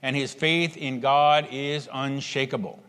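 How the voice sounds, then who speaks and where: A man preaching a sermon with emphasis, voicing imagined inner thoughts and swinging between hushed and raised delivery. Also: medium pitch, steady tone, a little slow, smooth. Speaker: pastor. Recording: long hall reverb.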